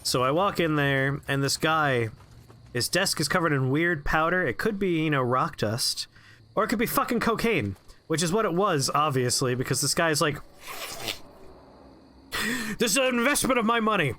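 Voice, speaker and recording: A male streamer chatting through a game session, telling a story with plenty of swearing. His voice is bright and on the higher side, swinging lively up and down. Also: normal speed. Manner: animated, profane, chatty.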